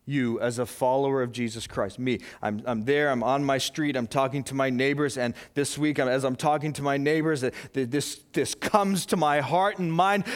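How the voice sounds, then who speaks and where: A male pastor preaching a sermon, repeating phrases for emphasis and swinging from loud emphatic peaks to hushed, intense low passages. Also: fairly even intonation, normal speed, few pauses, smooth.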